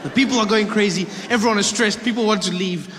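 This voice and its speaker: A man from South Africa performing stand-up comedy, telling an animated story full of characters. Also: high-pitched, fast talker, big-room sound, background noise.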